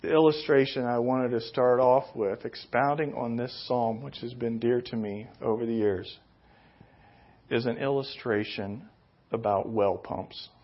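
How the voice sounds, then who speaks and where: A middle-aged man preaching a sermon, telling rambling, self-deprecating personal stories that grow loud and excited in the retelling. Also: medium pitch, unhurried, dull audio. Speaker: pastor.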